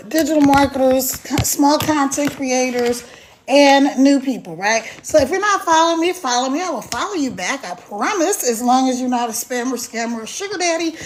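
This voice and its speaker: High-voiced chatty woman live-streaming. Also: a little hiss or hum. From United States. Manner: chatty, repeats phrases, greets viewers by name. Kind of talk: casual live-stream chat. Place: mountains of Virginia. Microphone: phone.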